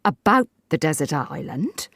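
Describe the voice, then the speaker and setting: A woman voicing a calm, firm, sharp-tongued old lady. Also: deep voice, a little slow, no room sound, studio quality, heavily acted.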